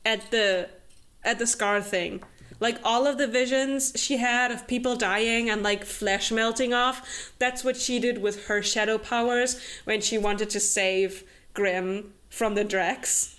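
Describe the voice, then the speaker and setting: A woman's voice: fairly high pitch, slow pace. A young woman co-hosting a book club, casually and sarcastically summarizing a novel with lots of fillers. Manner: animated, many fillers, sarcastic.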